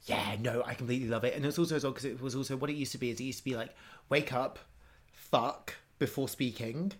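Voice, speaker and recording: A man's voice: mid-range voice, fast. A man from Norfolk in casual, rambling chat, laughing often. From Norfolk, England.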